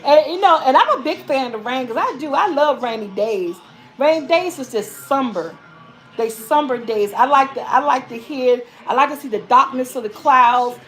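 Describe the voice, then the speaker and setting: With a high, lively, moderately paced and somewhat bright voice, a woman hosts her own vlog over soft background music. She casually reads viewer comments in a live-stream chat, rambling, repeating herself and addressing everyone as y'all.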